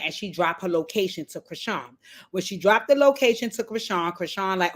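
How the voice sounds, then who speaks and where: Animated woman recapping reality TV. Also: mid-range voice, a little fast. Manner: animated storytelling, acting out quotes. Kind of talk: casual commentary recap.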